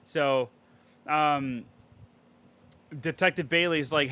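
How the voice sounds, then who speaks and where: Bright-voiced excitable man. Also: on the high side, moderate pace. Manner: excitable, heavy swearing, animated storytelling. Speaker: podcast co-host. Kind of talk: casual movie recap chat.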